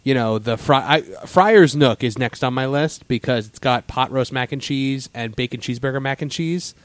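A man's voice: mid-range voice, normal speed, no echo. Rambling man hosting a podcast. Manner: rambling, filler-heavy. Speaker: podcast host. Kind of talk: casual chat.

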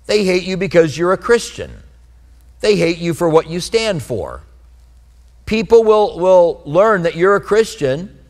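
A man preaching a sermon as a pastor, reading scripture and explaining it in an earnest, conversational way. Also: high voice.

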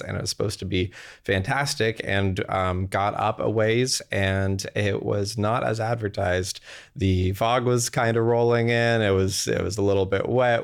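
A young adult man who is a company executive tells a rambling anecdote as an interview guest. His voice is on the low side and gravelly, and the casual story is peppered with fillers and laughs.

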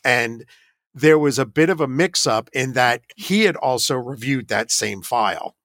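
A man's voice: medium pitch, expressive, measured pace, a bit bright, no echo, clean studio sound. Chatty man telling a ghost-hunting story. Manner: chatty, self-deprecating, laughs while telling. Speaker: paranormal investigation team leader. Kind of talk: casual anecdotal storytelling.

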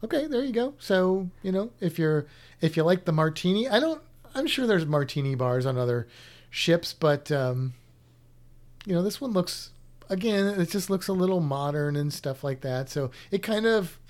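A woman's voice: lowish voice, expressive, moderate pace, a little mellow. A woman co-hosting a casual chat, rambling and playful, trailing off mid-sentence. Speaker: podcast co-host.

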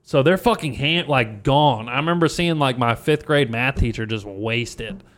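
A man's voice: mid-range voice, moderate pace, a bit bright. A young man from Louisiana, a guest comedian, telling a rambling story in casual podcast chat, full of swearing and fillers.

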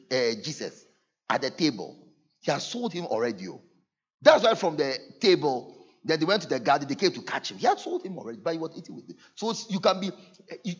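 A man preaching a sermon to his church, earnest, moving between loud emphasis and soft asides. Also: on the high side, slightly rough, highs cut off. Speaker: pastor. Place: church service.

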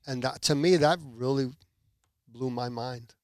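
This podcast guest from Puerto Rico delivers his testimony animatedly and impersonates the people he quotes, yet his mid-range voice stays smooth and unhurried. The sound is dry and of studio quality.

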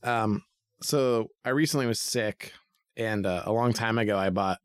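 A man's voice: on the low side, normal speed, smooth, no room sound, clean studio sound. A man on a casual basement podcast, chiming in with wry quips. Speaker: podcast co-host. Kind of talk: casual chat. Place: basement studio.

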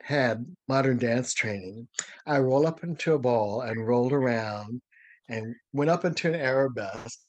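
An older man, a former ballet dancer, telling lively, dramatic stories as an interview guest. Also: mid-range voice, normal speed, no echo, muffled recording. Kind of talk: anecdotal storytelling.

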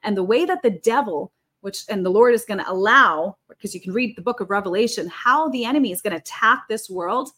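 A woman's voice: medium pitch, animated, brisk, few pauses, a bit bright. A woman talking as a podcast guest in a fervent, preaching manner, stressing her points by repeating them. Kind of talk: conversational preaching.

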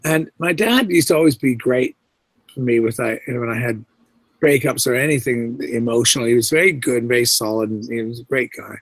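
A man's voice: mid-range voice, fairly quick, no room sound. A middle-aged man, a guest actor, telling anecdotes in an interview and acting out the voices he quotes. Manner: animated storyteller who acts out quoted voices.

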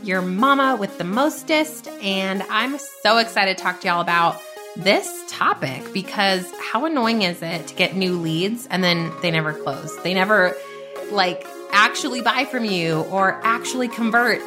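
A woman's voice: medium pitch, unhurried, music in the background. A woman hosting her podcast in a bubbly, chatty way, full of y'all and like. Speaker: podcast host. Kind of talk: upbeat podcast monologue.

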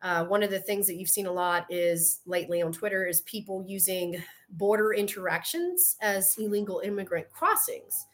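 A woman's voice: mid-range voice, moderate pace, a bit bright. A woman with a Southern US accent, hosting a podcast in casual chat, telling stories animatedly and acting out quotes. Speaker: podcast host.

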